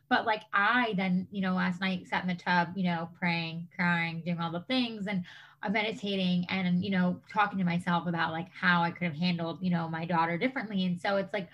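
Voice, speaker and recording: A woman's voice: medium pitch, fairly even intonation, fast, fairly bright tone, lo-fi sound. A woman hosting a podcast, chatting in a gushing way with many fillers. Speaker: podcast host. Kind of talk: casual chat.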